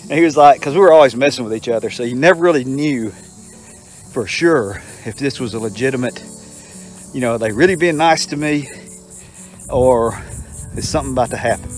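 A man's voice: medium pitch, brisk, long pauses, soft background music. An older man tells rambling, self-amused stories in a folksy, casual way as he walks outdoors. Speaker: vlogger. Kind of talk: casual storytelling while walking. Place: outdoors in a park.

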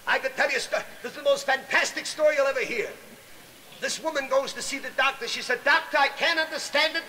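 A man doing a brash stand-up comedy routine with rapid-fire insult jokes. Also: very high-pitched, bright, forceful tone, slight background noise, poor audio.

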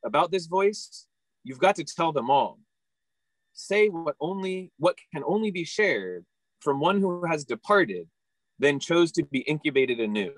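A man in a workshop reading his own poem aloud over a video call, measured and deliberate. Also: on the high side, very animated, dry recording, low-quality recording. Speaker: workshop participant.

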